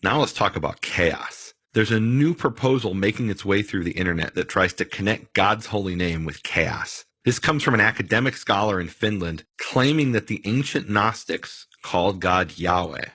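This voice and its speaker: Host, male, husky mid-pitched voice, emphatic and dismissive, dry close sound. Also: lively intonation, normal speed, hardly any pauses, sharp tone, dry recording. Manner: emphatic, dismissive of bad arguments. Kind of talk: casual teaching conversation.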